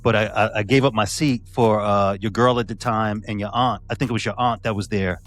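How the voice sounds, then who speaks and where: A man hosting a podcast interview, chatting casually and acting out stories with lively energy. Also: a little fast, soft background music. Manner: animated storyteller, acts out quotes with big pitch jumps. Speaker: podcast host.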